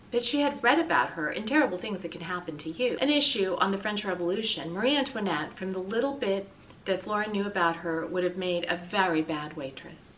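Woman teacher, children's read-aloud, expressive, slightly distant mic. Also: mid-range voice, a little hiss or hum. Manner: clear, expressive storytelling.

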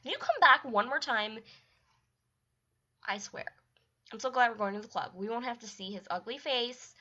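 A woman's voice: on the high side, normal speed, sharp tone, dull audio. A young woman narrating her life-sim game and scolding the characters in casual commentary, often exasperated. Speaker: gaming YouTuber. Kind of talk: let's play commentary.

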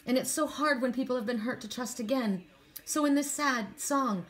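A woman's voice: high voice, moderate pace. A woman doing a spiritual card reading for viewers, talking in a rambling, encouraging way with frequent restarts. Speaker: tarot and oracle card reader.

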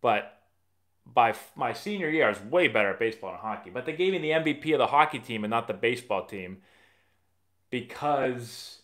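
He's a Massachusetts man on a casual live stream, taking viewer questions a little fast in a mid-range, fairly bright voice with lively intonation. He tells stories in a rambling, chatty manner and often restarts sentences.

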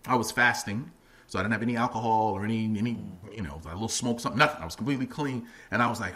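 A man's voice: quick pace, noisy background. A middle-aged man and comedian, a guest on a podcast, telling stories in a loose, chatty way and breaking into laughs as he goes. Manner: animated, acts out quotes in a much higher voice, laughs often. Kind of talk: casual podcast interview storytelling.

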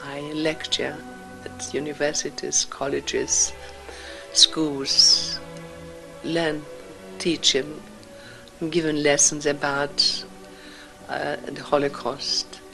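Older woman, slow halting testimony, gravelly fry, breathy whispers. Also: low voice, flat delivery, over music, rough recording. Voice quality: gravelly, husky voice. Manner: slow, emotional, halting delivery with whispered passages. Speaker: Holocaust survivor speaker. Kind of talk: personal testimony.

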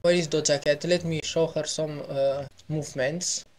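A man giving casual gameplay commentary as a YouTuber, playful and excitable, throwing in silly sound effects. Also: a little high, moderate pace. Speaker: gaming YouTuber.

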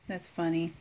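A woman's voice: on the low side, dark tone, slightly rough. A woman giving a casual home review of a smart speaker, talking to it with dry amusement. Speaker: product reviewer.

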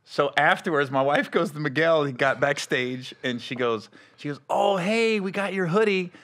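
A man hosting a comedy podcast in casual chat, telling quick anecdotes and laughing often. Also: on the high side, animated, fairly bright tone.

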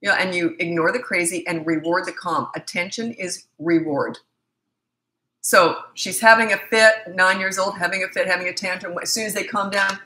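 A woman's voice: fairly low pitch, steady tone, moderate pace, bright, forceful tone, rough recording. A middle-aged woman parenting coach giving blunt, emphatic advice in a casual talk, acting out short exchanges between parents and children.

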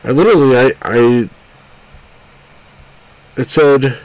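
Exasperated man yelling at a game. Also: medium pitch, takes it slowly, no room sound, low-quality recording. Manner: exasperated, swears and yells at the game. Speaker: let's play host. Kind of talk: casual gameplay commentary.

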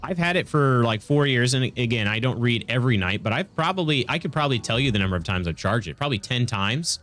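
Here a congested man streams a game and talks fast, animated and fairly bright at medium pitch. He's chatty, answers chat and laughs a lot in this laid-back stream talk.

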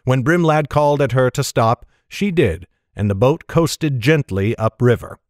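A man narrates a fantasy story in a steady, measured way. His voice sits at a middling pitch and is recorded dry and close to the mic. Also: dry recording. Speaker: audiobook narrator.

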